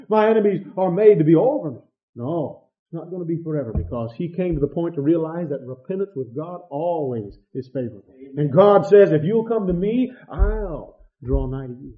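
A man preaching a sermon with passion, swinging between loud outbursts and hushed asides. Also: fairly high pitch, animated, moderate pace. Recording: dull lo-fi sound.

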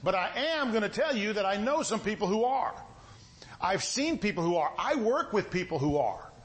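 Folksy preacher with a high voice. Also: male voice, normal speed. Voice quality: sounds stern even when not angry. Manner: conversational, folksy preaching with repetitions. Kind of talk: sermon.

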